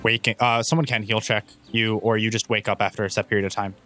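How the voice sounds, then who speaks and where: A man's voice: on the low side, level tone, fast talker, bright, forceful tone, faint music behind. A man playing a tabletop game, joking and explaining the rules to the others. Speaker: player.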